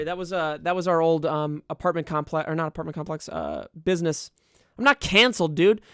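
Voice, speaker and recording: A man's voice: high-pitched, smooth, no room sound, studio quality. Sarcastic, profane young streamer guy. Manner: profane, sarcastic, riffing on what he reads. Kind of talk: casual livestream commentary.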